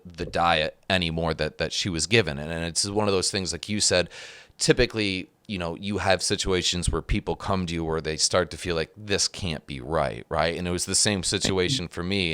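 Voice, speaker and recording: A man's voice: low voice, a bit bright, clear, resonant tone, no room sound. A man hosting a podcast, a trainer talking casually with lots of fillers and restarts. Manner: rambling, many fillers and restarts. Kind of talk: casual conversation.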